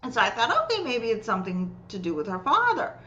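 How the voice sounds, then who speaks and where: A woman healer and coach, a guest, telling client stories in a lively way and acting out what people said. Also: a little high, fast talker, highs cut off, a little hiss or hum. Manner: lively, acts out quoted voices while telling client stories. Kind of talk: conversational storytelling.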